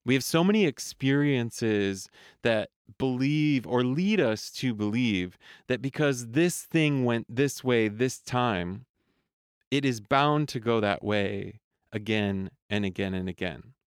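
A man giving a reflective motivational talk as a voice coach, slow and measured with repeated phrases that trail off softly. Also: medium pitch, animated, clear, resonant tone, dry recording, clean studio sound.

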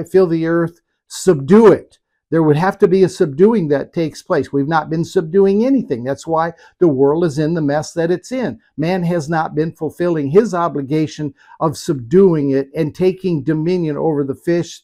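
A man's voice: fairly high pitch, mellow. A man preaching a sermon, emphatic, asking rhetorical questions and repeating phrases for effect. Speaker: pastor.

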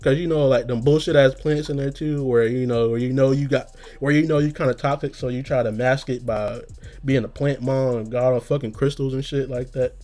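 A young man with a mid-pitched voice tells a story in a loose, laid-back way. He laughs often, swears freely and plays out the lines he said. The talk is unscripted and easy. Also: steady tone, fairly quick, darkish tone. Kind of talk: casual storytelling.

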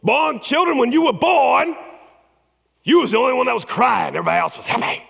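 A man doing a fiery shouting preacher. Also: very high-pitched, a little fast, creaky, husky, pitched above the performer's own voice, exaggerated voice. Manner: shouted, sing-song preaching cadence. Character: fiery male preacher thundering at young graduates. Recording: long church hall reverb.

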